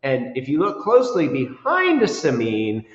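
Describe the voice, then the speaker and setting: A man's voice: medium pitch, wildly swooping pitch, measured pace, recorded from a distance. A man co-leading a children's chapel, chatting in a playful, joking way. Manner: playful, jokey. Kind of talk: casual chat. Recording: roomy hall, dull sound.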